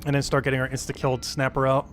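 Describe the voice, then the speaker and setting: A man streaming a card game, thinking aloud about his moves and slowly reading out game text with many fillers. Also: mid-range voice, completely flat delivery, over music. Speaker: gaming streamer. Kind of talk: casual live-stream commentary.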